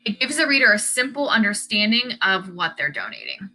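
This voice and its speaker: A woman's voice: mid-range voice, big pitch swings, fairly quick, sharp tone, low-quality recording. A woman teacher explaining the tone and word choice of an essay, reading passages aloud and commenting on them. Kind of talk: lesson analyzing an essay's tone.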